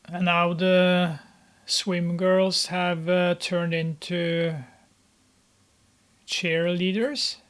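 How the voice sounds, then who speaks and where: Slow, flat-voiced, hesitant film commentator. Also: mid-range voice, clear, resonant tone. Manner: hesitant, many filler pauses. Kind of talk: casual running commentary while watching a film.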